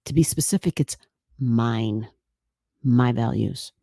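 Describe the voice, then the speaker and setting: A woman hosts an astrology video in a playful, chatty manner, speaking low and slowly. Her tone is mellow and warm. The close, dry sound has no room echo. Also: vocal fry. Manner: playful, laughing, chatty with quoted asides. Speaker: astrology channel host. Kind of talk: casual explanatory talk to camera.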